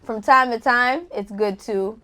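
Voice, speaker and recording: A woman's voice: a little high, a little slow, sharp tone. A woman hosting a casual interview, talking candidly with jokes and slang. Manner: candid, joking, uses slang. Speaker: host.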